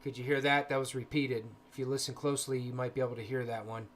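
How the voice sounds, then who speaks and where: A man hosting a casual livestream, talking softly and hesitantly with frequent pauses and fillers, greeting chat viewers between stretches of explanation. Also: mid-range voice, level tone. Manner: soft-spoken, hesitant with many ums. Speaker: paranormal livestream host.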